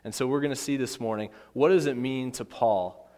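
A man's voice: mid-range voice, a little fast, a little mellow. A man preaching a sermon, telling a Bible story with acted voices and emphatic repetition. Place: church. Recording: long hall reverb.

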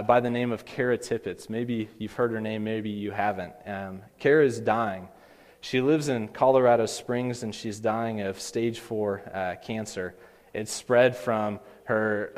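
A man's voice: fairly low pitch, darkish tone. A man preaching a sermon as a pastor, earnest and building to emphatic pleas. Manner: earnest, rising to emphatic pleas in quoted lines. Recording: long hall reverb.

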